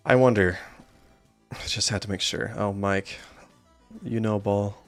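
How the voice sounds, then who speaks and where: A man's voice: fairly low pitch, steady tone, unhurried, soft background music. A man streaming a horror game, commenting with joking, self-deprecating asides.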